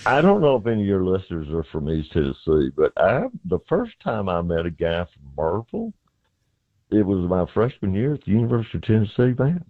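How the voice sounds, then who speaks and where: Deep-voiced Southern man on a phone line. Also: big pitch swings, a little fast, no room sound. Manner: plain-spoken, folksy, explains with examples. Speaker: constitutional lawyer, legal guest. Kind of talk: casual legal advice on call-in radio. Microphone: phone line into studio.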